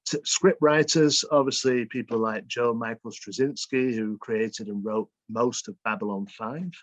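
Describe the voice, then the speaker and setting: A man's voice: mid-range voice, steady tone, measured pace, no echo. A man from England with a mixed Salford and Bolton accent, a guest author telling stories in an interview. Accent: northern English, Salford and Bolton mix. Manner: storytelling, imitates dialect phrases. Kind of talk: interview conversation.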